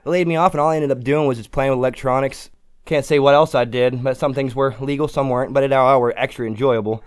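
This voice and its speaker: A man's voice: medium pitch, steady tone, fast talker, clear, resonant tone. A man talking as a guest on a podcast, crude and rambling, laughing often. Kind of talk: casual podcast chat.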